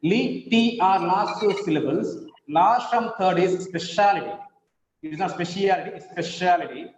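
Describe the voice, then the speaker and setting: A man teaching an English pronunciation lesson, spelling words out letter by letter and repeating each word slowly several times. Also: high-pitched. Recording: echoey room, dull lo-fi sound.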